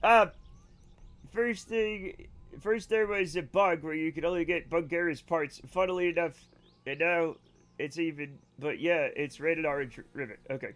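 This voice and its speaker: A man's voice: on the high side, unhurried, fairly bright tone. A man livestreaming a game and telling rambling stories in a casual chat, often laughing and correcting himself. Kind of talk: casual storytelling while gaming.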